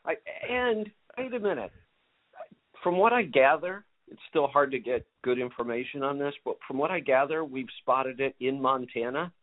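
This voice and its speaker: A man's voice: medium pitch, lively intonation, normal speed. A man hosting a casual call-in radio show over his phone, joking and chatty. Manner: joking, chatty, laughs easily. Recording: phone-line audio.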